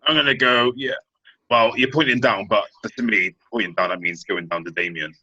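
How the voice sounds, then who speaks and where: Male host, low and forceful, relaxed moderator, dull recording. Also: normal speed, husky. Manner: easygoing, steering the questions. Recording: dull lo-fi audio.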